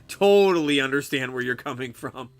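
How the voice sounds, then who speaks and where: A young man with a medium-pitched, lively voice chats casually with viewers at a moderate pace during a game live stream. He's laid-back, swears freely, laughs often, and keeps calling people "dude."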